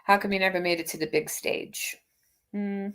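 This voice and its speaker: A woman hosting a casual livestream, her voice sitting at an ordinary middle pitch. She chats loosely and teases, breaking into laughter as she greets viewers. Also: steady tone, normal speed, noisy background. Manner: chatty, teasing, laughs often. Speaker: livestream host.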